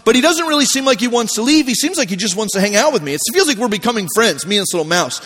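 A man preaching a sermon as pastor, telling stories in a relaxed, conversational way with animated voiced asides. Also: high voice, very fast. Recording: long hall reverb.

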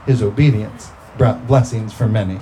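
A man's voice: lowish voice, steady tone, moderate pace, warm tone, a little hiss or hum, rough recording. A man preaching a sermon, talking through scripture in a conversational way and breaking into emphatic bursts.

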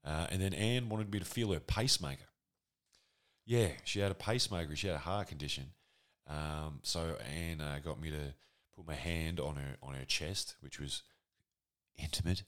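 A man in his forties with an Australian accent and an extremely deep voice, telling a rambling, profane, self-deprecating comedic story from his youth. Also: normal speed, a bit bright. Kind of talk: casual comedic anecdote monologue.

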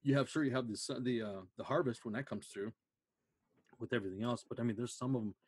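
An eager male interviewer keeps the chat loose and agrees readily with his guest. His voice is somewhat husky and sits at an ordinary pitch. The sound is close and dry. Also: fast, no room sound. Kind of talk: casual conversation.

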